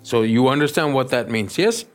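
A pastor preaching a sermon, often stopping to check that the listeners follow him. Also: male voice, mid-range voice, lively intonation, moderate pace. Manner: keeps checking in with the listeners, asking "yes?".

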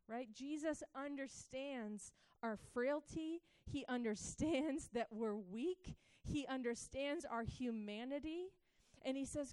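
A woman's voice: sits high, measured pace, a little mellow, dry recording, low-quality recording. A young woman preaching a sermon, reading scripture and retelling it in an earnest, conversational way with rhetorical questions.

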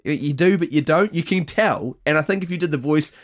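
A man's voice: a little high, fairly quick. Rambling Scottish man hosting a podcast. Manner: rambling, restarts his questions, swears casually. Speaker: podcast host. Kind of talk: casual chat.

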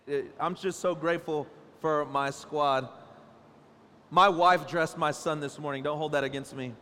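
A pastor in his thirties, with a fairly high voice and a slightly slow pace, preaches from a church stage, joking and animatedly telling stories about his family. The recording has church hall reverb and a little hiss or hum.

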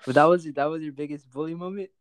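A young man telling a childhood story in quick, casual, profane slang full of fillers. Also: a little high, steady tone, smooth, dry recording.

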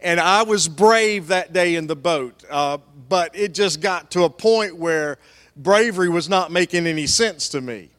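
A man's voice: high-pitched, unhurried, fairly bright tone. A man preaching a sermon as the pastor, telling stories with folksy asides. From American South. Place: church sanctuary. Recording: long church hall reverb.

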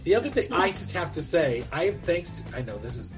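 Brief: male co-host, rambling and jokey, music clearly underneath. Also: on the high side, big pitch swings, a little fast. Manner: chatty, rambling, self-deprecating. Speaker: podcast co-host. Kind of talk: casual podcast chat.

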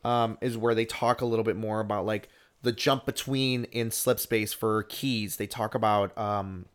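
A man's voice: on the low side, steady tone, normal speed, clear, resonant tone. Rambling man chatting casually on a podcast. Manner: rambling, filler-heavy, restarts often. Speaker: podcast co-host. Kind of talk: casual chat.

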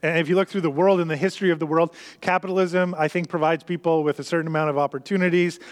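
A man with a fairly high voice delivers a sermon. He teaches earnestly, leaning on emphasis and repeating his key points. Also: fairly even intonation, quick pace. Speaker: pastor.

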